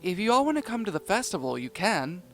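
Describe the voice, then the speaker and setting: A man's voice: high voice, sing-song, faint music behind. A man voicing Austin, an eager young kangaroo. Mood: cheerful. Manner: eager, bubbly, talks in quick bursts. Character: excitable young male kangaroo cartoon character.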